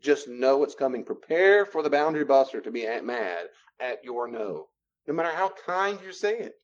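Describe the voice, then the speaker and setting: A man's voice: mid-range voice, big pitch swings, moderate pace, muffled recording. A man teaching a class on personal boundaries in a conversational lecture style, repeating phrases for emphasis. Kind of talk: classroom lecture with role-play.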